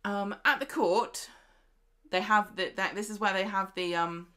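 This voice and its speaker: A woman co-hosting a casual chat show, recapping a soap and acting out the characters' lines in lively bursts. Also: mid-range voice, unhurried. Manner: chatty, acts out characters' lines in animated bursts. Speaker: podcast co-host.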